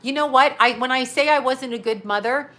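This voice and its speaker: A woman's voice: high-pitched, brisk, bright, forceful tone. A woman in her forties talking casually on a livestream from her small home studio, candid and rambling, often laughing. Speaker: psychic medium and vlogger. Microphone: phone camera.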